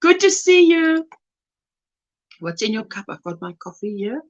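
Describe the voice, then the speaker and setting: A South African woman hosts a crochet livestream, greeting viewers one by one and reading their messages aloud. Her voice sits high and swoops up and down, and she takes her time. The recording sounds a little muffled and lo-fi. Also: very animated, measured pace. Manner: warm greetings, reads chat messages aloud, laughs often. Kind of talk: casual livestream chat reading viewer comments.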